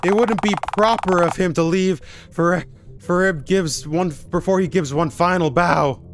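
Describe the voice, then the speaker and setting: Guy putting on a homey neighborly drawl, slow and kinda high, game music behind. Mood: folksy. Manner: homey drawl, calls everyone partner. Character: folksy cheery neighborly man, doomsday-calm. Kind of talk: reading game dialogue aloud in a voice.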